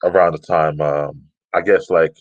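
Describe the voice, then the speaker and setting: A man's voice: a bass voice, steady tone, moderate pace, no echo, muffled recording. A man co-hosting a casual chat show, laid-back and agreeable, laughing often. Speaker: podcast co-host.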